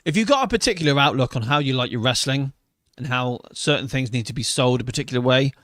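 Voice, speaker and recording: A man's voice: mid-range voice, lively intonation, fast talker, fairly bright tone, no room sound, clean studio sound. A man, hosting a casual wrestling podcast. He talks with enthusiasm and emotion and swears freely. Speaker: podcast host. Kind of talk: casual wrestling review chat.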